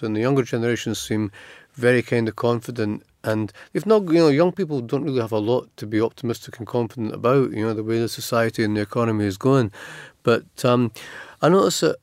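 Middle-aged scottish guy thinking out loud in an interview, lots of ums, dry recording. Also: medium pitch, brisk, dry recording. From Scotland. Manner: rambling, reflective, many fillers and restarts. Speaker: writer, interview guest. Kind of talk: conversational interview answers.

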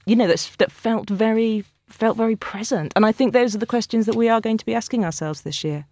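A woman working as a books editor, speaking as a guest critic in a radio review discussion with animated, chatty enthusiasm. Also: a little high, fairly quick.

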